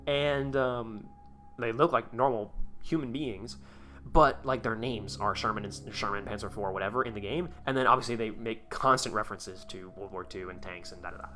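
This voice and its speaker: Guy reading stuff out and riffing on it, bright crisp voice, chuckles a lot, kinda rambly. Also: on the low side, normal speed, slight background noise. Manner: rambling, chuckles often, excitable. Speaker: YouTube host. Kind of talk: casual commentary while reading aloud.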